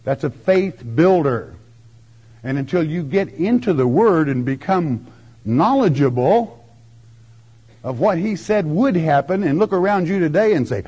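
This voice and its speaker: Slow, husky folksy preacher man. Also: fairly high pitch, animated, darkish tone. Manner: folksy, homespun, rural turns of phrase; slow, drawn-out emphasis with sudden lifts. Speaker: preacher teaching scripture. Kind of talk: folksy verse-by-verse sermon.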